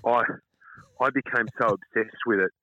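A middle-aged man with an Australian accent, telling casual stories as an interview guest, animated and calling the listener mate. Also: medium pitch, normal speed, no room sound. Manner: chatty, animated anecdotes, calls listener mate. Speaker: radio host, interview guest. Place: outdoors at front of his house. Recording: dull lo-fi dry line.

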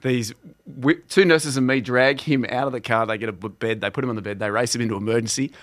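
A man with an Australian accent, a podcast guest telling stories in a casual, animated way and laughing often. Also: medium pitch, fast. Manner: animated storyteller who acts out quotes and laughs often. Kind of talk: casual storytelling chat.

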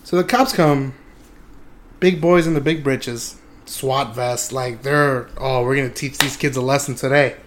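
A man's voice: mid-range voice, steady tone, unhurried, noisy background. A young man telling a casual, rambling story, laughing often and swearing freely. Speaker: podcast host.

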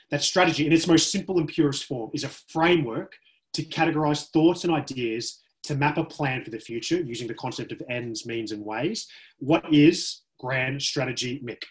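A man co-hosting a casual podcast, explaining at length and reading definitions aloud. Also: on the high side. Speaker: podcast co-host.

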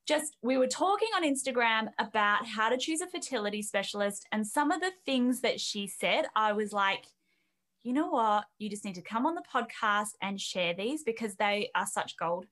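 A woman's voice: a little high, fairly bright tone. A woman with an Australian accent hosting a podcast interview in a bubbly, chatty way, laughing easily. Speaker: podcast host.

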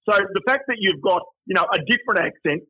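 This middle-aged man, a finance and media figure with a broad Australian accent, is a guest in a conversational interview, telling anecdotes in a chatty way. His voice is high-pitched, bright and forceful, slightly rough, with lively intonation and a fast delivery. The recording is low quality but has no room sound.

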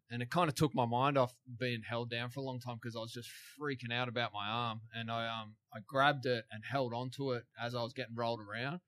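Man, bright-toned, relaxed chuckling storyteller, studio guest. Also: medium pitch. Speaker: big wave surfer guest. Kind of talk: casual studio interview.

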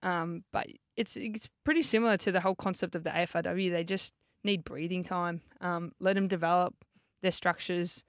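A woman's voice: lowish voice, steady tone, moderate pace, no room sound, studio quality. A young Australian woman, a footballer co-hosting a podcast, chatting casually with lots of fillers and easy laughs.

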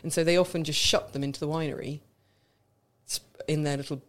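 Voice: mid-range voice, fairly even intonation, a little fast, fairly bright tone. A radio co-host explaining wine in an easy, knowledgeable way, laughing now and then. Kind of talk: casual radio chat. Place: radio studio.

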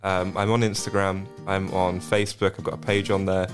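Fast-talking deep-voiced young man. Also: flat delivery, music in the background. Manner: rambling and jokey, lots of fillers. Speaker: musician guest. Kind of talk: casual radio chat. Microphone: studio microphone.

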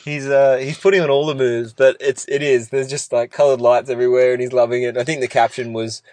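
A man's voice: medium pitch, flat delivery, brisk, darkish tone, no room sound. A man with an Australian accent hosting a casual sports podcast chat, rambling through his points and laughing often. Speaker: podcast host.

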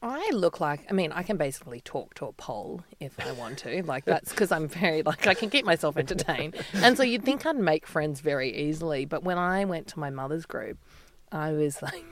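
A woman's voice: sits low, lively intonation, brisk. A woman guest on a parenting panel, bubbly and rambling as she tells personal stories. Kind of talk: casual storytelling chat.

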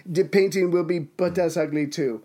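A man's voice: fairly high pitch, steady tone, moderate pace, dark tone, lightly acted. A man voicing a cocky Italian male Renaissance painter in a loose mock-Italian accent and broken English. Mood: blunt. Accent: mock Italian, loosely held.

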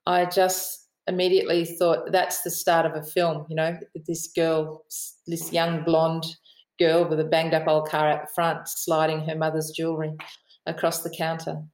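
A woman's voice: low voice, monotone, normal speed, darkish tone, echoey room, rough recording. A woman author with an Australian accent, telling stories in a podcast interview, chatty and laughing often. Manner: chatty storyteller, laughs often, mimics the people she quotes. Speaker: author and aviation writer, guest.

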